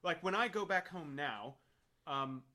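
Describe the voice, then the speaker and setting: A young American man co-hosting a podcast, telling stories in a lively, laughing way. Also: fairly high pitch, measured pace. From United States. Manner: animated storyteller, laughs often. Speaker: podcast co-host. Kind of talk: casual chat.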